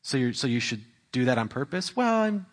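A man's voice: mid-range voice, brisk. A young adult man preaching a sermon into a microphone in a church, talking conversationally with restarts and building to raised intensity. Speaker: pastor. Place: church hall. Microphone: handheld or stand microphone.

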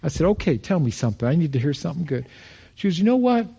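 A male pastor preaching a sermon, telling stories with emphasis and going quiet on key phrases. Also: on the high side, rapid-fire, gravelly, slightly rough. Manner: storytelling, quotes others in lively voices.

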